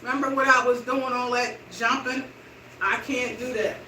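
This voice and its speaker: A woman's voice: on the high side, flat delivery, bright, forceful tone. Chatty middle-aged woman, roomy and distant. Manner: chatty, slow walking while talking. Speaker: vlogger. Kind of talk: casual chat to viewers while exercising. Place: indoor room with hardwood floor. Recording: roomy, distant and noisy room sound.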